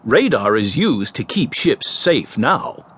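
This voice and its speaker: A male audiobook narrator voicing a kindly elderly grandfather who speaks calmly and in a measured way. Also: medium pitch, husky, full character voice. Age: over 60. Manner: calm, measured, gently teasing. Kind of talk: audiobook character voice.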